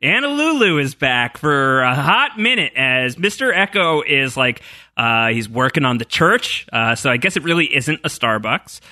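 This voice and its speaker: A man hosting a podcast in casual, animated chat with many fillers. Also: medium pitch, normal speed, no room sound, studio quality. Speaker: podcast host.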